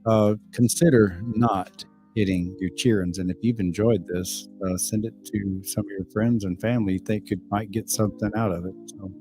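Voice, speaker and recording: A middle-aged man with a fairly low, hoarse voice hosts a loose livestream chat and reads out viewer comments. He rambles and swears freely. Faint music plays behind him. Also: steady tone, moderate pace. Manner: loose, rambling, swears freely, repeats words when starting. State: hoarse, losing his voice. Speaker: livestream host.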